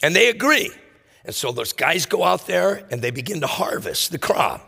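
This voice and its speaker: Gravelly-voiced preacher in a reverberant hall. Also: male voice, fairly high pitch, normal speed. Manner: animated storytelling, acts out voices. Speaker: pastor. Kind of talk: sermon.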